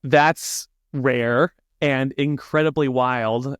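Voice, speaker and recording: Smooth-voiced man enthusiastically co-hosting. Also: medium pitch, fairly even intonation, very slow, no echo, studio quality. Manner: enthusiastic, often laughing. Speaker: podcast co-host. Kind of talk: casual conversation.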